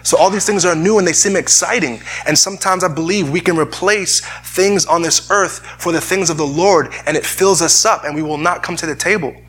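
A man's voice: a little high, a little fast, hardly any pauses, fairly bright tone, slightly rough. A man preaching a sermon and reading scripture aloud, earnest in tone, often repeating words as he searches for the phrasing. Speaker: pastor.

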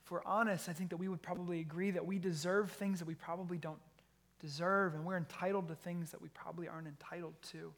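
A male pastor with a fairly high voice delivers a sermon. He reads a scripture passage and then explains it, his voice climbing when he acts out what the characters say. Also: little pitch movement, fast, a bit bright. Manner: reads scripture then preaches, voice rises when acting out quotes.

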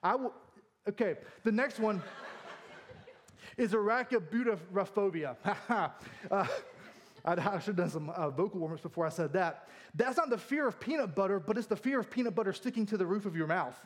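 A man with a fairly high voice delivers a sermon from the pulpit. He keeps it light and jokey, pokes fun at himself and laughs easily as he moves between stories and scripture. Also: expressive, normal speed. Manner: jokey, self-deprecating, laughs often. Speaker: pastor. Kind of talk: humorous sermon.

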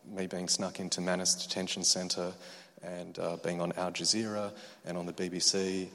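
A lower-pitched Australian man preaches a sermon, mixing quiet reflection with lively storytelling. His voice carries a long reverb, as if from a large hall. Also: normal speed, vocal fry. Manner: quiet and reflective, growing loud and excited as the story builds. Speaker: pastor.

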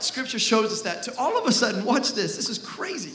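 A male pastor preaching a sermon with lots of energy. He jokes with the congregation and shouts for emphasis. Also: very high-pitched, big pitch swings, fairly quick, echoey room, a little hiss or hum. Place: church hall.

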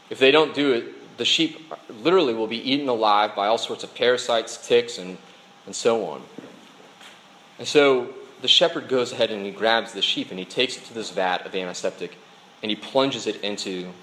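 A man's voice: mid-range voice, a bit bright, poor audio. A man preaching a sermon, speaking earnestly to his congregation. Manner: earnest preaching, reads a dialogue aloud with voices. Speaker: pastor.

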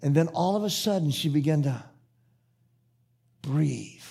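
A man's voice: fairly high pitch, fast, mellow, husky. A man preaching a sermon as pastor, moving from fervent repeated phrases to folksy personal storytelling. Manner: impassioned preacher with rhythmic repetition.

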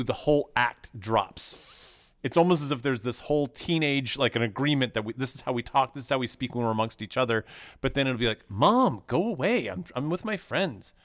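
A man's voice: medium pitch, fairly bright tone. A man co-hosting a podcast, chatting casually about movies in a rambling way, full of restarts and crude jokes. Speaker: podcast co-host.

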